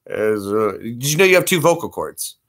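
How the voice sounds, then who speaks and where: A man's voice: mid-range voice, sing-song, moderate pace. A man streaming live, chatting casually and laughing often between impressions. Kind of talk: casual livestream chat.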